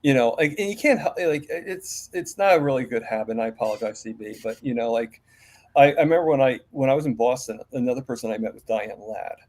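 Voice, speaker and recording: A man's voice: medium pitch, lively intonation, fast, a little mellow. A man as an interview guest in a casual live-stream chat, rambling with many fillers and restarts.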